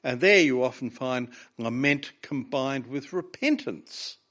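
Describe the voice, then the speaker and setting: A man's voice: mid-range voice, lively intonation, unhurried, fairly bright tone. A man preaching a sermon, reading scripture with raw emotion between plainly explained points.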